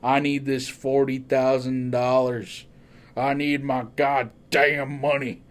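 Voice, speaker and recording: A man putting on the voice of a gruff, deep-voiced cowboy detective who speaks in a slow, low drawl. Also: little pitch movement, lightly acted.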